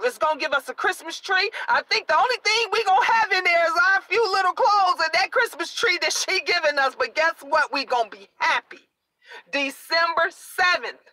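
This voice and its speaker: A middle-aged woman live-streaming to her viewers, excited and preachy, urging them to keep praying. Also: very high-pitched, rough recording. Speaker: vlogger.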